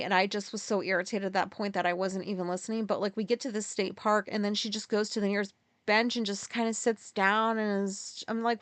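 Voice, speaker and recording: A woman hosting a podcast, candidly telling a personal story in a halting, profane way, full of restarts and sudden jumps up in pitch. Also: fairly bright tone, no room sound. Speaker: podcast host.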